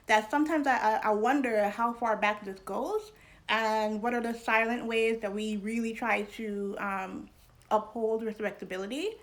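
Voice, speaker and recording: A woman with a fairly high voice hosts an educational vlog. She is candid and chatty, laughs often and slips into slang. Her delivery stays conversational and relaxed. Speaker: vlog host and scholar. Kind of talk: casual educational talk.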